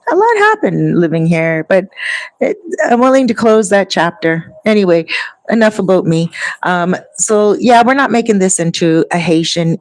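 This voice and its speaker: A woman's voice: fairly low pitch, dry recording, low-quality recording. A woman talking casually to her viewers, rambling and long-winded as she tells stories. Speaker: vlogger. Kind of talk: casual chat.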